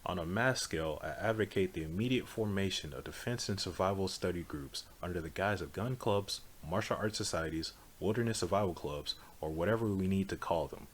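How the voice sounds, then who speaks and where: A man reading a political text aloud in a measured, earnest, declarative way. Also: low voice, slight background noise. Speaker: audiobook reader.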